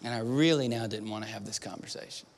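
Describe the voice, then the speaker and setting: A man preaching a sermon, telling a personal story and moving from hushed near-whispers to loud pleading. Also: fairly low pitch, fast. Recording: long hall reverb with faint music.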